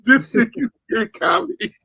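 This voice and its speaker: Animated husky-voiced man joking loudly. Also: extremely high pitch, moderate pace, no room sound. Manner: loud, laughing, incredulous, profane banter. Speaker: podcast co-host. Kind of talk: casual chat.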